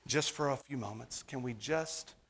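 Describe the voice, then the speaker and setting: A pastor preaching a sermon, calling the congregation "folks" and swinging from hushed whispers to loud, emphatic appeals. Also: male voice, mid-range voice, moderate pace, slight background noise.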